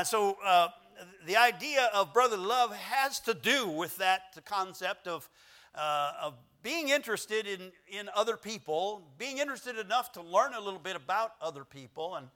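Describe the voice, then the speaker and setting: A man's voice: sits high, bright, forceful tone. A male pastor preaching an evening church sermon in a folksy, rambling way, full of fillers and little self-deprecating chuckles. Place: church sanctuary.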